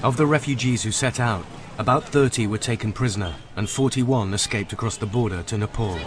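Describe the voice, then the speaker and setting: A man giving scripted documentary narration in a measured, even storytelling manner. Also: lowish voice, very noisy. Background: music.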